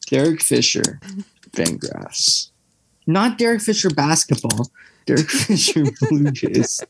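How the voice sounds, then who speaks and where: A man's voice: a little high, sing-song, slow pace, creaky, noisy background. A young man, chatting casually as a podcast co-host, rambling with lots of fillers and tangents. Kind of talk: casual chat.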